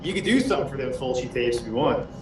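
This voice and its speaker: Pria kasar yang suka bercanda, suara bergema dari jauh. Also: male voice, medium pitch, fast, reverberant, recorded from a distance, a little hiss or hum. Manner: crude, joking, lively. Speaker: livestream co-host. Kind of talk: casual livestream chat.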